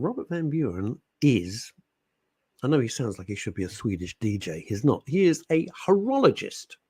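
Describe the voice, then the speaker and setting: A man's voice: mid-range voice, normal speed, slightly rough, dry recording. A middle-aged man, hosting a radio show in casual, rambling chat. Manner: animated, rambling, puts on quoted voices. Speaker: radio host.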